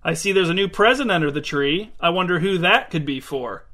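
Nervous, guilt-ridden mum with a raised, bright voice, read by a man, storybook reading. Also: high-pitched, animated, a little fast, heavily acted. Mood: playful. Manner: nervous, shaky voice. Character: middle-aged woman, flustered and guilty.

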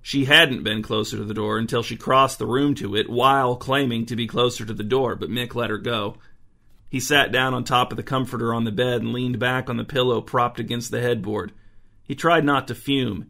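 A man narrating a story in a dry, even reading voice. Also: mid-range voice, normal speed, creaky. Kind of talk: audiobook narration.

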